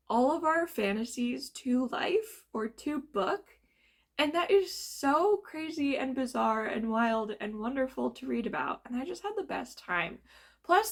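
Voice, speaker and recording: Tired woman vlogger with a fry-laden morning voice, gushing casual book review. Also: fairly high pitch. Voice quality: gravelly morning voice. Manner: chatty, gushing, trailing off.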